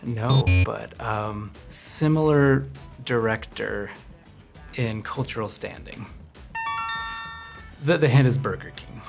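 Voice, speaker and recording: A man's voice: fairly low pitch, takes it slowly, vocal fry, long pauses, over music. Casual male interviewer giving hints. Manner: casual, gives hints with fillers.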